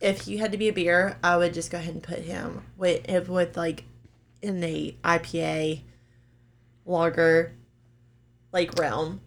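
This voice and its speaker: A woman's voice: lowish voice, flat delivery, a little slow, vocal fry, long pauses, slight background noise. A woman co-hosting a podcast, enthusiastic and laughing often as she chats. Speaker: podcast co-host. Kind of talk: casual chat.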